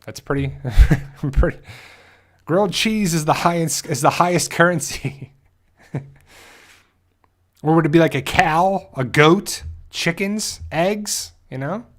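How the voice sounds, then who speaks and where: A man's voice: on the high side, takes it slowly, pauses often. A man hosting a casual fan livestream, reading out viewer comments, chatty and laughing often. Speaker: host of a fan discussion show.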